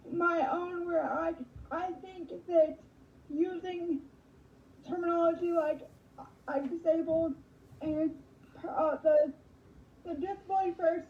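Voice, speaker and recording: A woman guest on a radio interview, speaking slowly and haltingly, repeating words as she goes. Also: very high-pitched, warm tone, echoey room, muffled recording. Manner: halting, repeating words, slow effortful speech. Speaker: podcast host as guest. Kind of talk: casual interview answers.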